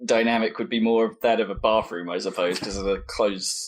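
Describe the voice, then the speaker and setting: A man's voice: lowish voice, steady tone, a little fast, a little hiss or hum. A man co-hosting a casual podcast chat, rambling and self-interrupting, laughing often. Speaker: podcast co-host.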